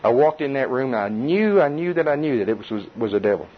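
A middle-aged pastor preaches in a husky voice, chatty and lively, often repeating himself for emphasis. The recording sounds muffled and dull, as if taken in a church meeting room. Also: male voice, medium pitch, fast. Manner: lively, conversational preaching with chuckles and repetition. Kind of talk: sermon at a Bible study.

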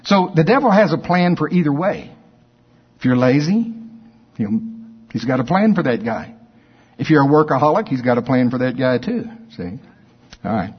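A man preaching a sermon as pastor, lively and conversational, acting out both sides of imagined exchanges with his listeners. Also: on the high side, slightly rough, muffled recording.

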